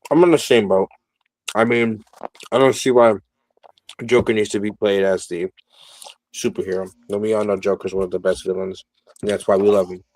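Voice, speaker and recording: A man's voice: lowish voice, fairly even intonation, moderate pace, long pauses, a little mellow, dry recording, rough recording. A man co-hosting a podcast, chatting casually in a laid-back way. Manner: laid-back, brief agreeing replies. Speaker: podcast co-host. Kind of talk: casual chat.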